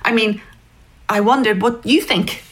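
A woman's voice: a little high, unhurried, fairly bright tone. A woman playing a flustered, stammering young writer. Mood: unsure. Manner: hesitant, stammering, breathy. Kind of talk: reading a story aloud.

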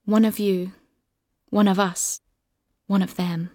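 A woman narrating an audiobook in a measured, wry way. Her voice sits mid-range, and the booth sound is dry and close. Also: mid-range voice, level tone, dark tone, no room sound. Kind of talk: literary second-person narration.

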